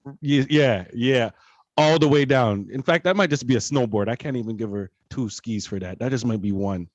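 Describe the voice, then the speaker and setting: A man's voice: mid-range voice, normal speed, no echo, highs cut off. A man co-hosting a podcast, reacting to clips with blunt, joking commentary. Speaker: podcast co-host. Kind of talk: casual commentary.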